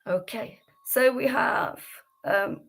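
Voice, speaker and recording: A woman from the United Kingdom leads a casual devotional class over a livestream. Her slightly high voice runs on earnestly, full of fillers and restarts. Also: slow pace, creaky, fairly bright tone.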